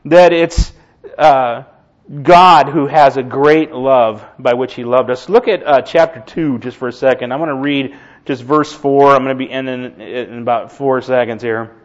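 A man's voice: mid-range voice, a little slow. A man in his sixties preaching a sermon, telling everyday stories with humorous asides. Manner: conversational storytelling with humorous asides. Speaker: pastor. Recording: dull lo-fi recording.

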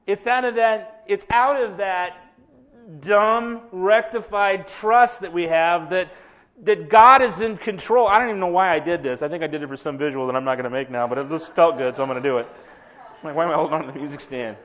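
A man preaching a sermon in an animated, sarcastic, self-mocking way. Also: high voice, fast. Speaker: pastor. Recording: dull lo-fi sound.

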